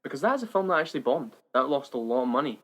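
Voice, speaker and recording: A man's voice: mid-range voice, sing-song, fairly bright tone. A man co-hosting a casual film podcast, talking enthusiastically and emphatically and moving the discussion along. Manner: enthusiastic, emphatic, quick to steer the conversation on. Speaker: podcast co-host. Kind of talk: casual chat.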